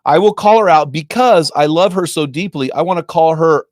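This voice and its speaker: A man's voice: on the high side, moderate pace, no echo, clean studio sound. A man in his fifties, a Christian ministry founder, talking emphatically in a preacher-like way. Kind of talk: impassioned Christian talk.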